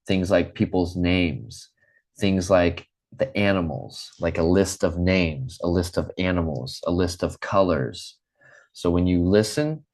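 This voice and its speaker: A man with a very low voice leads a live online English lesson. He grew up in the Midwest and talks slowly and plainly, repeating himself and checking in with his students. He is heard through a computer mic on a video call. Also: a little mellow. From Midwest United States. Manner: slow, clear, repeats and checks with okay.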